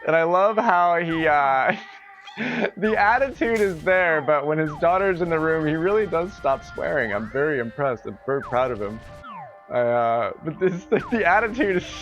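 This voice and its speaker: A man's voice: on the high side, lo-fi sound. Giggly, rambling male game streamer. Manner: chatty, giggly, rambling asides to chat. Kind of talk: casual live-stream chat.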